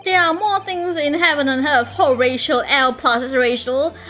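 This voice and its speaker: Performed by a woman, a pompous, theatrical gentleman declaims in slow, archaic verse-like lines. The voice is high and drawn out, with faint music underneath. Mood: grandiose. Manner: slow, grandiose, archaic speech. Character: theatrical Shakespeare-quoting young gentleman lodger.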